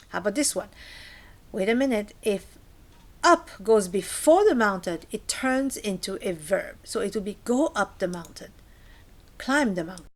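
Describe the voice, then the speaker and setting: A woman teaching a recorded language lesson, explaining patiently and acting out small scenes as examples. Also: mid-range voice.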